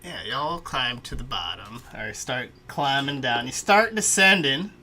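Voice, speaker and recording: A man with a very bright, sharp voice runs the tabletop game as game master. He narrates the scene in a halting way, with frequent ums and uhs. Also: medium pitch, expressive. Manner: hesitant, many fillers.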